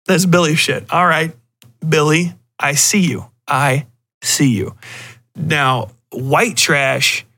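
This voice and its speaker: A man's voice: a little high, bright, forceful tone, no echo. A man hosting a podcast, ranting in a profane, rambling way with lots of restarts. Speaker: podcast host. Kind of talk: casual solo rant.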